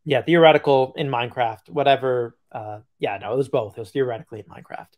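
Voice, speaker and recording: A man's voice: medium pitch, fast, a little mellow. A man co-hosting a podcast, telling a joking story in casual chat with plenty of fillers. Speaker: podcast co-host.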